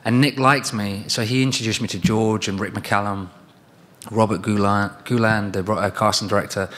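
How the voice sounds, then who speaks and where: A British man in his thirties, with a slightly low voice, answers fan questions at a convention panel. He tells loose, rambling stories and slips into the voices of the people in them. A long hall reverb trails after his words. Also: steady tone, moderate pace, fairly bright tone. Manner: rambling anecdotes with acted-out quotes. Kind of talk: fan Q&A storytelling. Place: large convention hall with audience.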